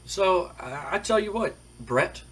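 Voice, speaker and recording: A man voicing a jealous younger brother who wrestles, in a sarcastic, needling way, with a husky voice. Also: sits high, animated, measured pace, fairly bright tone, voice pushed up, heavily acted.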